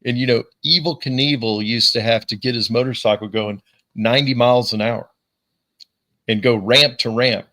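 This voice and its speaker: A man's voice: medium pitch, fairly even intonation, normal speed, sharp tone. A man hosting a podcast, enthusiastic and affirming in casual chat.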